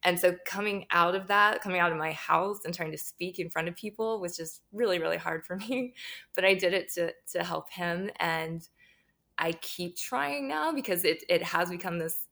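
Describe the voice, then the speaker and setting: A woman's voice: lowish voice, normal speed, vocal fry, a bit bright. A woman talking candidly as an interview guest, laughing often and swearing freely. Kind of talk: casual interview chat.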